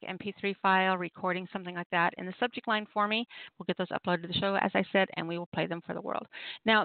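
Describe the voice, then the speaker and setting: A woman's voice: mid-range voice, no echo. A woman hosting a poetry radio show, talking casually and rambling, with frequent laughs. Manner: chatty, rambling, laughs often. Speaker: host of an open mic poetry radio show. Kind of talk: casual talk giving poetry prompts. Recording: tinny call-in phone line.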